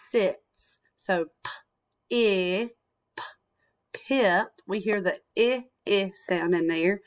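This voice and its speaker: A woman teacher reading a picture book aloud to young children, in a gentle, sing-song storytelling manner with phonics asides. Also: mid-range voice.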